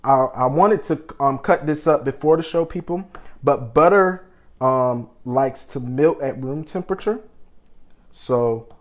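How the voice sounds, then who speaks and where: A man's voice: mid-range voice, unhurried. A young man hosting a live cooking show, chatty and playfully boastful, calling his viewers "people" as he talks them through the steps. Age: young adult. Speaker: home cook host.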